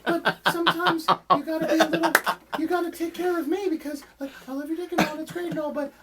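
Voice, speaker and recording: A man's voice: extremely high pitch, level tone, over a noisy crowd, voice pushed up. A man doing a breezy valley-girl girlfriend. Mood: teasing. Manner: breezy, drawn-out, lots of "like, you know". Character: giggly valley-girl girlfriend, young woman.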